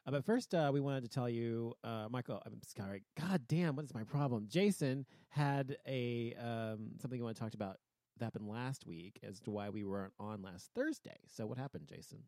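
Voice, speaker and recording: A man's voice: medium pitch, normal speed, darkish tone, dry recording, clean studio sound. A man co-hosting a podcast, chatting casually and laughing at himself. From Dallas, Texas. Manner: laughing, self-deprecating, loose. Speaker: podcast co-host. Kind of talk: casual chat.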